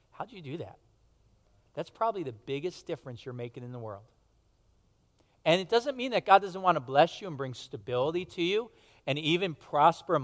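A pastor preaching a sermon to his congregation, conversational and emphatic, rising to stress points and dropping to quiet asides. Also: on the high side. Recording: long hall reverb.

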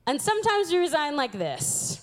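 A woman in her twenties giving an animated sermon, acting out the voices she quotes. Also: high-pitched, normal speed. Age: 20s.

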